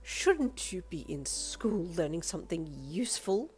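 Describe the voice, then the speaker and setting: A woman's voice: lowish voice, sing-song, a little slow, a little mellow, faint music behind. A woman voicing a snobbish, pompous older wealthy woman who speaks with disdain. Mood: cold, sneering.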